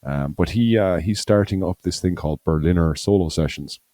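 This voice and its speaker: This podcast co-host has a deep, warm voice and talks at a moderate pace. He chats casually, rambling along with plenty of fillers and restarts. The recording is dry.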